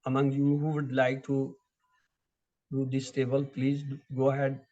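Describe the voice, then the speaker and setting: A man teaching an online class, reciting word lists in steady drills. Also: medium pitch, measured pace, muffled recording. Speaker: Quran and Arabic teacher.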